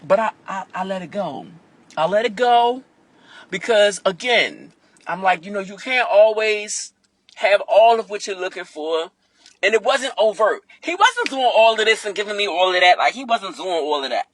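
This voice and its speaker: Husky, bright-voiced man telling stories. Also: high-pitched, moderate pace, no room sound. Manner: animated and profane, acts out other people's voices. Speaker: vlogger. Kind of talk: candid storytelling monologue. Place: inside a car.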